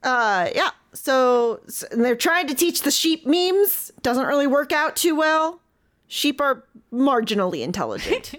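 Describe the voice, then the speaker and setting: Brief: woman as eccentric rural sheep farmer, high voice, rambling, fake pirate-like English accent, improv comedy. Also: very animated, a little slow, fairly bright tone, exaggerated voice. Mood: folksy. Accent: put-on pirate-like English accent. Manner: rambling, folksy, trailing off mid-sentence.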